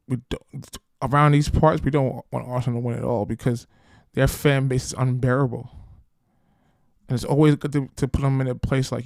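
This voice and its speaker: A man's voice: medium pitch, fairly even intonation, normal speed, creaky, dry recording, studio quality. A man hosting a football podcast, talking in brash, slangy, trash-talking fan commentary.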